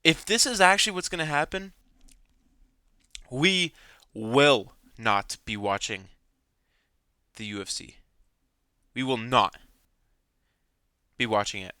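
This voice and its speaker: A man's voice: fairly high pitch, big pitch swings, a little slow, pauses often, sharp tone, clean tone, no room sound. A young man ranting angrily about fights, swearing and repeating himself. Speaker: MMA commentator. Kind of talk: ranting fan commentary.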